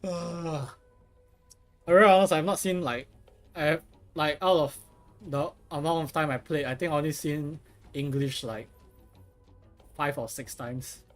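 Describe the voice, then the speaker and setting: A man's voice: a little high, steady tone, measured pace, pauses often, soft background music. A young man streaming a game, chatting casually in a rambling, profane way with lots of restarts. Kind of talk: casual live gameplay commentary.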